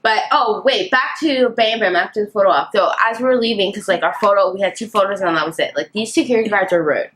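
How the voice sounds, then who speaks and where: A woman's voice: mid-range voice, fast talker, hardly any pauses, a bit bright, a little hiss or hum. A young woman chatting in a laid-back way as a guest on a vlog. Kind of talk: casual chat.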